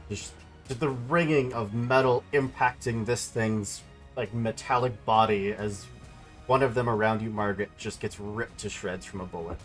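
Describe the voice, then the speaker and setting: A man running a tabletop game as game master, calling out card flips and describing combat damage in a relaxed way. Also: lowish voice, normal speed, soft background music.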